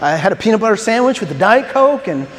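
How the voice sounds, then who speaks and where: Brief: man playing a glum older male coworker, plodding and flat, high voice, long hall echo. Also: fast talker. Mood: deflated. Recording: long reverb in a large hall.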